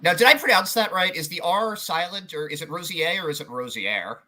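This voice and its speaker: A man's voice: high-pitched, fast, bright, forceful tone. A man hosting a sports podcast, chatting casually with a guest, with lots of fillers and restarts. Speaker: podcast host. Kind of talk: casual interview chat.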